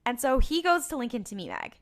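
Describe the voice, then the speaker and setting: A woman's voice: a little high, wildly swooping pitch, fast. A woman co-hosting a podcast, recapping an episode in a casual, rambling way, full of fillers and cursing. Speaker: podcast co-host.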